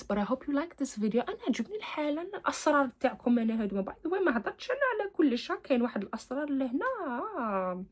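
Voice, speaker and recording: A young woman from Algeria chatting casually, answering viewer questions with blunt, frank advice and switching between English and Arabic. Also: on the low side.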